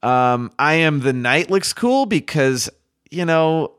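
A man's voice: fairly high pitch, lively intonation, slow pace, a bit bright, clean tone, no room sound, clean studio sound. A man co-hosting a podcast, chatting casually about movie trailers in a rambling way with lots of fillers. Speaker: podcast co-host.

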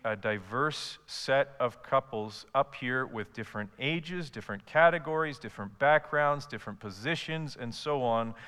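A man's voice: a little high, a bit bright, clean tone, long reverb tail. A man preaching a sermon, asking rhetorical questions and building to emphatic repeated lists. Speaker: pastor.

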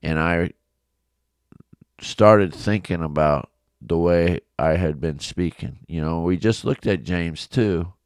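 A middle-aged pastor with a very low, resonant voice tells a personal story on his devotional podcast. He talks slowly and earnestly, often restarting his sentences. The sound is dry and close, from his home studio. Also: dry recording. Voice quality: big coach's voice.

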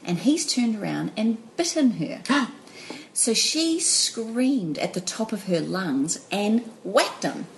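A woman, telling stories in an animated, laughing way as a guest in a casual chat. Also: mid-range voice, slow, creaky, slight background noise, rough recording. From New Zealand. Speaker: podcast guest.

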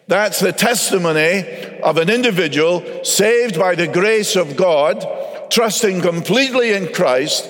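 A man's voice: high voice, animated, a little slow, fairly bright tone, big-room sound. A man preaching a sermon as pastor, earnest and emphatic, repeating phrases for weight. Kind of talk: radio sermon.

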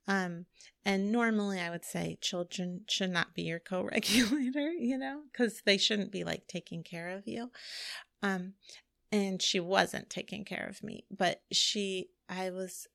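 A middle-aged woman talks through a long personal story in loose, rambling chat, her voice carrying a gravelly fry. The sound is dry and close, with no room around it. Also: mid-range voice, unhurried, a bit bright, no echo. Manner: chatty, rambling with frequent "like" and laughs. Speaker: podcast co-host. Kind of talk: casual chat.

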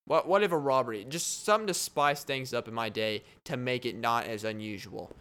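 A male podcast host spins a long daydream story on his own, with restarts and little laughs along the way. His voice is smooth and clear and sits at a middle pitch. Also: a little fast, hardly any pauses, a bit bright. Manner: rambling, giggly storyteller. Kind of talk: solo podcast monologue.

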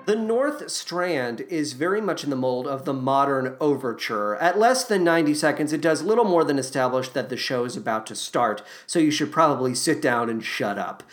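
A man's voice: medium pitch, animated, normal speed, few pauses, faint music behind. A man hosting a podcast, giving a comedic review of a musical's songs in a sardonic, profane, enthusiastic way.

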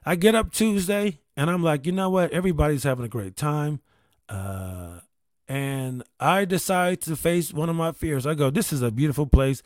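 A man's voice: a little high, normal speed, dry recording. A man casually telling a long personal story, rambling with restarts, repeated words and casual swearing. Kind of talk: casual anecdote.

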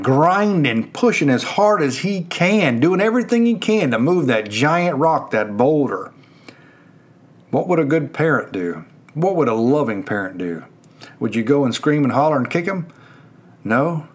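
A man preaching a sermon, earnestly questioning his listeners with rising and falling emphasis. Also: mid-range voice.

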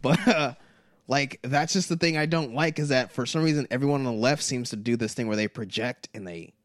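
A man in casual chat, animated and often laughing mid-sentence, acting out mocking voices of the people he talks about. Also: medium pitch, fairly quick, no room sound.

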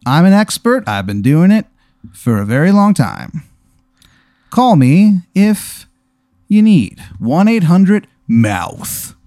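A cheesy ghost-exterminator pitchman from a late-night TV ad, as a man puts him on. The voice jumps high into a sing-song salesy lilt and stretches its words slowly. The sound is dry and close. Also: sing-song, mellow, dry recording, full character voice. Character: chirpy male TV ad ghost exterminator.

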